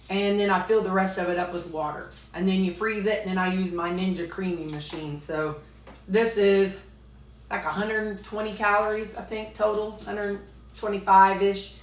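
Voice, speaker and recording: A woman's voice: medium pitch, steady tone, normal speed. Folksy Missouri woman in an echoey room. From Missouri, USA. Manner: folksy, joking, talks with a mouthful. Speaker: weight-loss vlogger. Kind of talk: casual chat while eating.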